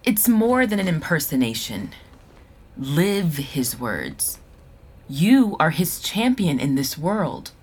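An actress playing a formal, insistent female alien custodian who gives orders calmly in an audio drama. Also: deep voice, slow, breathy edge, exaggerated voice. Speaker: custodian of released prisoners.

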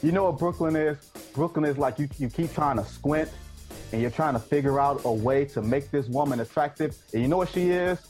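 A man's voice: a little high, brisk, a little mellow. A man giving brash, emphatic basketball opinions as a guest on a sports talk show, with faint music behind. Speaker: guest analyst.

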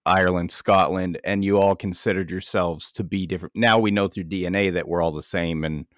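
New england guy, real low voice, dry close sound, laid back explaining stuff. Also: steady tone, brisk, no room sound. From New England, USA. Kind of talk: casual podcast chat.

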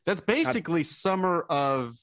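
A man in his thirties co-hosting a casual podcast, telling stories in an animated, self-deprecating way. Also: fairly high pitch, normal speed, dry recording, clean studio sound. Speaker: podcast co-host.

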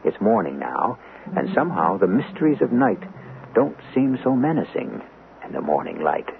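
A man's voice: fairly low pitch, very animated, normal speed, gravelly, a crowd in the background. A man hosting and narrating a radio mystery drama with wry, theatrical storytelling. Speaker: host and narrator. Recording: narrow-band old radio broadcast with music.

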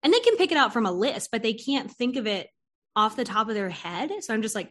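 A woman hosts a casual interview in an animated, lively way. She acts out her clients' lines as she tells stories, swears now and then, and laughs often. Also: fairly high pitch, fast talker. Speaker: podcast host and therapist.

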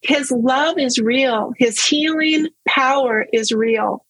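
An earnest woman speaks openly about her own life in a relaxed conversational way, often repeating words to stress them. Her voice sits a little high and has a husky edge. The sound is dry and close, with no room echo. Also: takes it slowly. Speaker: guest sharing her story. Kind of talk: casual personal testimony.

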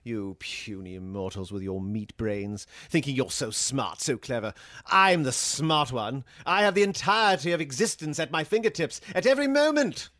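A man's voice: high-pitched, sing-song, fast, few pauses, a bit bright, no room sound, clean studio sound. A man playing a snooty, sarcastic AI chatbot. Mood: sneering. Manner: pompous, condescending, theatrical. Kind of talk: comedy sketch acting.

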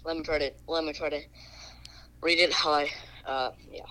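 A man voicing an earnest young man with one arm in a sling who misses sarcasm and speaks haltingly. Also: on the high side, steady tone, pushed and bright, rough recording. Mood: flustered. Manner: halting, literal-minded, flustered. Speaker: phone-in quiz writer.

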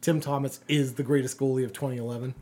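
A man's voice: medium pitch, flat delivery, fast talker, dark tone. A man in his forties, a podcast guest, talking in brash, profane, teasing banter. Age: 40s. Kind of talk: casual banter.

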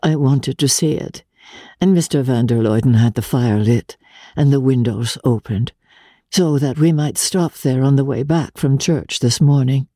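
A woman's voice: very deep voice, measured pace, warm tone, no room sound, studio quality. A woman voicing an elegant, wistful young countess who talks in a lightly teasing, petulant way. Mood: eager.

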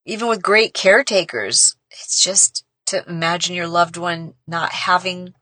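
Woman podcast host, lowish, bright forceful voice, dry sound, rambling heartfelt storytelling. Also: unhurried, no room sound. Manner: heartfelt, rambling, heavy use of "like". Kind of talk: casual personal storytelling.

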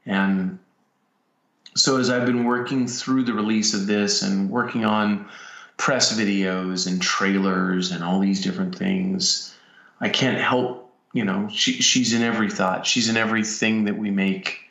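A filmmaker speaks slowly and haltingly, stopping and restarting as he reflects. His voice sits low with a gravelly edge. The recording is roomy and a little dull. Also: fairly even intonation, a bit bright. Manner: halting, with frequent pauses and restarts. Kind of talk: personal reflection.

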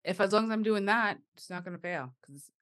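Woman host, mid pitch, affirming, casual interview chat. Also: brisk, a bit bright.

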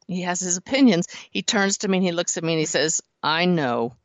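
A woman hosting an interview show, expressive and quick to laugh. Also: on the low side, no room sound. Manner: expressive, laughs often, warmly enthusiastic. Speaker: podcast host. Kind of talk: interview conversation. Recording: slightly dull, dry sound.

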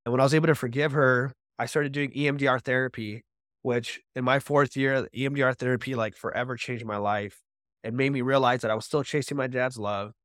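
Man, podcast guest, recovery story, animated, acts out quoted lines, dry close mic. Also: medium pitch, fairly quick, dry recording.

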